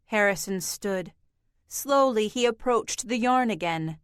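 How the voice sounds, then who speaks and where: A woman narrating an audiobook in a slow, measured, even reading. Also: mid-range voice, smooth, dry recording, studio quality. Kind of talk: scripted narration.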